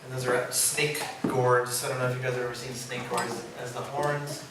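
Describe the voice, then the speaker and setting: Animated male puppeteer in an echoey room. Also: medium pitch, normal speed, over a noisy crowd. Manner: animated, laughs often, acts out quotes. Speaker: puppeteer giving a presentation. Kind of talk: informal storytelling talk. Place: presentation room. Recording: echoey room, mic far, background noise.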